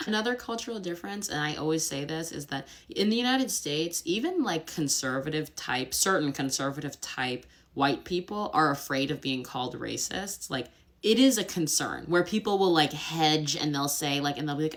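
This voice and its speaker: Young woman vlogging, low voice, chatty n blunt, quick asides. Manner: chatty and direct, with quick asides and mocking impressions. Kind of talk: casual talking-to-camera vlog.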